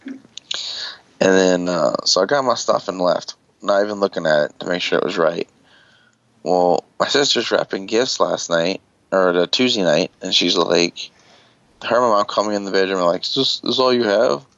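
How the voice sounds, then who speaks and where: A man's voice: sits low, normal speed, a bit bright, dry recording, highs cut off. A man on an online call telling a rambling, casual story, swearing offhand and acting out what people said.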